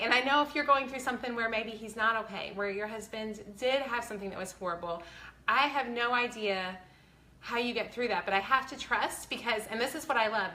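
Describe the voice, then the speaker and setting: Bright-voiced earnest woman in her forties. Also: a little high, echoey room. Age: 40s. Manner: earnest, faith-filled, chatty with many fillers. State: close to tears. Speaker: vlogger. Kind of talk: casual heartfelt talk to viewers.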